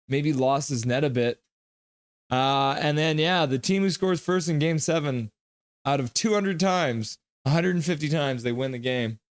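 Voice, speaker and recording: Male stream host, slightly high voice, brisk hockey play-by-play, dry close mic. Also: clear, resonant tone, no echo. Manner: brisk play-by-play, breaks into loud cheers. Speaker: live stream host calling the game. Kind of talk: live reaction play-by-play.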